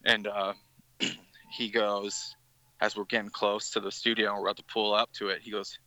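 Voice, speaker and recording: A man's voice: lowish voice, little pitch movement, normal speed, pushed and bright, dry recording, rough recording. A man, a band's guitarist, telling a rambling story in a casual podcast interview, with many restarts. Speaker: musician guest.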